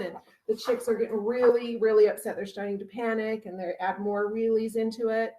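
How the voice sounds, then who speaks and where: A woman who teaches kindergarten, retelling a picture book with lively energy and lots of "like" over a video call. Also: fairly high pitch, fairly quick, hardly any pauses, rough recording. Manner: animated retelling with many "like"s. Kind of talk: casual sharing in a class discussion.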